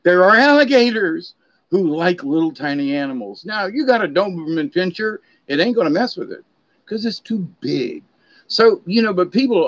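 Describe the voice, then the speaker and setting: A high-pitched, sing-song male voice moves fairly quickly as a middle-aged Florida vlogger tells stories. His monologue is rambling, casual, and full of tangents, and the recording sounds slightly dull and dry.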